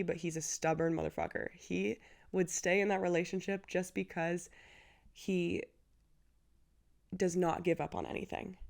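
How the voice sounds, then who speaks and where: A woman in her twenties speaks candidly as host of her own show. Her voice sits a little low and has a gravelly fry. She talks in a chatty, emotional way, full of "like" and "you know". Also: a little mellow. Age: 20s. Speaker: podcast host. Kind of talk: candid personal storytelling.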